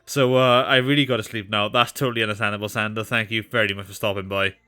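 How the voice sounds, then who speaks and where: Guy streaming a game, bright clear voice, chatty, reads the story out loud all dramatic. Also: fairly low pitch, little pitch movement, fast, no room sound. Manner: chatty, reads narration aloud with mock drama. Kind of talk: casual gaming stream commentary.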